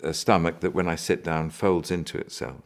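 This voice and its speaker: A man, an actor, explaining his character in a behind-the-scenes interview, in a deliberate, demonstrative way. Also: deep voice, fairly even intonation, gravelly.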